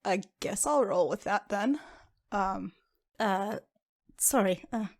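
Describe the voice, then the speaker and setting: A woman's voice: medium pitch, takes it slowly. A woman playing a tabletop game, talking in a casual, wry manner. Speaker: player.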